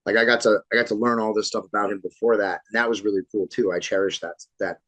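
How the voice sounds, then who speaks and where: A man in his thirties from Florida, a pro wrestler telling animated, swear-laced stories as a podcast guest. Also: fairly low pitch, fast, dry recording, poor audio. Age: 30s. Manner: animated storyteller, swears freely. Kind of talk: casual podcast interview storytelling.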